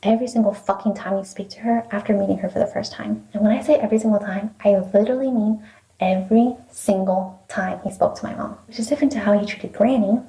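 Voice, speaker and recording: A woman's voice: mid-range voice, fairly even intonation, fast talker, warm tone, rough recording. A young woman ranting through a storytime vlog, sarcastic and heavily profane, sometimes dropping to a whispered aside. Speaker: vlogger.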